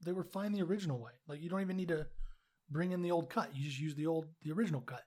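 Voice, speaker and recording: A man's voice: a little high, very fast, mellow. A man co-hosting a casual podcast chat, laid-back and swearing casually as he brings up news items. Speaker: podcast co-host.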